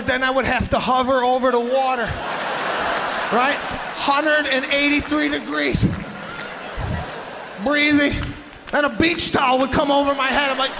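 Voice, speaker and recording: A man performing stand-up comedy in an animated way, shouting his punchlines and acting out his family members. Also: extremely high pitch, vocal fry, background noise. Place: stage in a large theater. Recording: live hall with loud ambience. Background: audience laughter.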